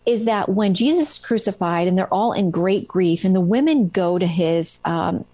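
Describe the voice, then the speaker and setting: A woman's voice: fairly low pitch, expressive, moderate pace, mellow, no room sound. A woman author retelling stories from her book in a casual interview, with many ums and restarts. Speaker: author guest.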